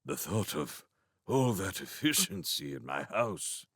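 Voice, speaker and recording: A man voicing a frail, gentle elderly great-uncle in a storybook reading, murmuring low. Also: big pitch swings, unhurried, breathy edge, dry recording, clean studio sound, exaggerated voice. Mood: weary relief.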